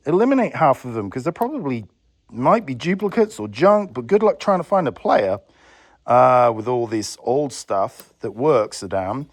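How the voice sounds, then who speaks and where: A man's voice: medium pitch, sing-song, moderate pace, dry recording, clean studio sound. A man who runs a video transfer business, ranting bluntly and sarcastically in a vlog, with some swearing.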